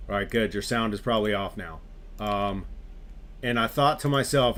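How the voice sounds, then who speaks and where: A man streaming a game, chatting casually with his viewers in an animated, ranting way and swearing freely. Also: lowish voice, normal speed. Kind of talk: casual chat with live viewers.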